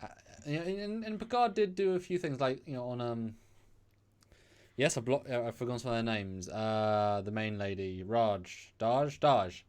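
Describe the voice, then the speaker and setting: A man's voice: mid-range voice, normal speed, clean tone. A British man co-hosting a casual chat show, rambling with many fillers and restarts. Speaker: podcast co-host.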